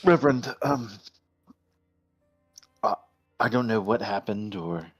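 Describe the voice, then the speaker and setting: A man playing a solemn, husky monster hunter. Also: on the low side, animated, soft background music, heavily acted. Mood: somber. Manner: halting, earnest report.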